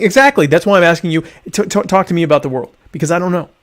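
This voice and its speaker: A man's voice: fairly high pitch, racing. A young man hosting a casual live-streamed talk show, reading viewer questions aloud and answering with sardonic, mock-pompous humor. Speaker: podcast host.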